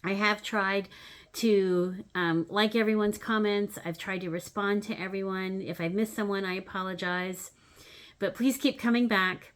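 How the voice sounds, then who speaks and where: A woman in her fifties hosting her needlework channel, telling a story in a chatty, animated way with frequent "um" fillers. Her voice goes loud when she acts out moments and drops soft for asides. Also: medium pitch, unhurried. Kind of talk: casual vlog storytelling.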